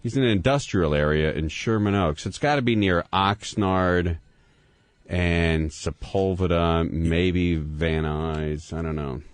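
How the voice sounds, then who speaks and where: A man's voice: low-pitched, slow pace, clean tone, no room sound. A man hosting a call-in radio talk show, joking loosely with callers and reading out breaking news. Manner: loose, joking, lively delivery with laughs. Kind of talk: casual call-in radio chat.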